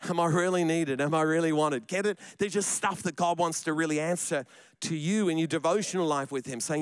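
A man's voice: on the high side, a little fast, smooth, dry recording. A man preaching a sermon in church, chatty and joking, often repeating his words. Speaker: pastor.

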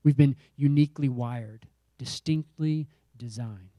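Male pastor, sermon delivery, emphatic and repetitive, warm tone, dry close mic. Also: medium pitch, a little slow, no echo. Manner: emphatic preaching with repeated phrases and rising calls.

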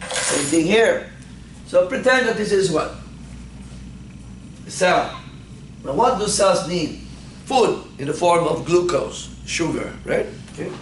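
A male instructor giving a classroom lecture. He keeps asking the class questions and then answering them himself. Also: high voice. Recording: echoey classroom, faint background noise.

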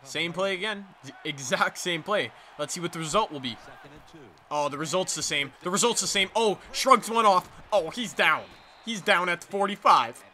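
A man giving excited, trash-talking commentary over his own football video game play. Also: high-pitched, moderate pace. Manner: hyped, trash-talking, sing-song exclamations. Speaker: gaming YouTuber.

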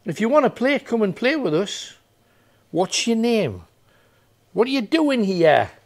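Speaking at a measured pace in a high, sing-song voice, a male paranormal investigator hosts a ghost hunt. Inside an old building at night, he keeps calling out to spirits, coaxing them at first and later demanding a response.

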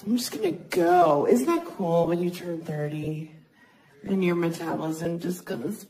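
A woman in her thirties doing a self-mocking stand-up comedy set on a club stage, talking casually and jumping into high squeaky voices for the people she quotes. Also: lively intonation, moderate pace. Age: 30s. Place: comedy club stage before a laughing audience. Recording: live club recording with crowd noise.

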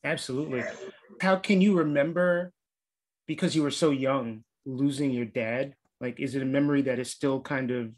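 A man's voice: medium pitch, steady tone, moderate pace. Podcast host guy, mid voice, asks questions, lots of "wow". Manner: encouraging short reactions. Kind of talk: interview questions.

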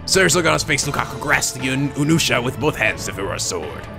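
A man's voice: medium pitch, lively intonation, fast, creaky, over music. A man hosting a let's play, reading a visual novel aloud with playful, theatrical delivery, often giggling.

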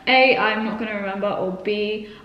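A woman's voice: mid-range voice, normal speed, muffled recording. A young woman, chatting casually in a rambling vlog, sometimes walking outdoors beside a road. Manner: chatty, rambling with many "like" fillers. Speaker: vlogger. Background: faint passing traffic.

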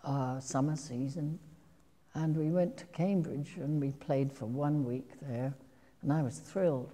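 An older actress telling stories from her career to an audience, slow and reflective, with frequent ums and soft laughs. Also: low-pitched. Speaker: actress giving a talk. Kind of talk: anecdotal talk to an audience. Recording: long hall reverb.

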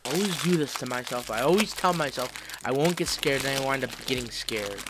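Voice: medium pitch, moderate pace, fairly bright tone, soft background music. A gaming YouTuber reacting to a horror game, jumpy, with sudden shrieks and constant claims of not being scared.

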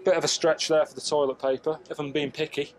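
A man giving deadpan, complaining travel commentary, sounding weary and self-deprecating. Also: on the high side, fast, a little hiss or hum, rough recording. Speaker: travel show subject.

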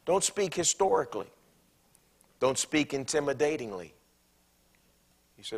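A man preaching a sermon in a church, animated and bursting into acted-out quotes. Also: a little high, normal speed.

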